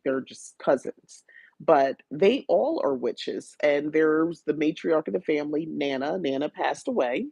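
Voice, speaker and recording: Gravelly, husky woman chatting. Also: sits low, darkish tone, dry recording. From South New Jersey, USA. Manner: chatty, rambling, frequent restarts and fillers; greets live viewers by name. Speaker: podcast host. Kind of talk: casual book review chat.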